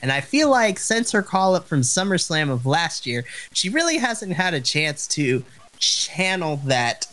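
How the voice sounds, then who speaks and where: A man co-hosting a wrestling podcast in casual chat, passionate and excitable, tripping over his words when worked up. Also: a little high, unhurried. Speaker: podcast co-host.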